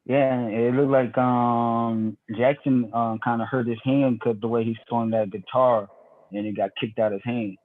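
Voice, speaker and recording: Male co-host, halting and filler-heavy, heard through a phone-like line. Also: medium pitch, steady tone. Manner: hesitant, stammering opinions with many fillers. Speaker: podcast co-host. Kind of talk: casual chat.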